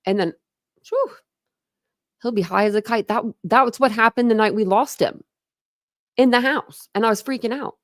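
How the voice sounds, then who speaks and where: A true crime livestream host chats casually from home, greeting viewers, rambling from one thought to the next, and laughing often. Her mid-range voice moves at a normal speed with frequent pauses and sounds close and dry, with no room echo.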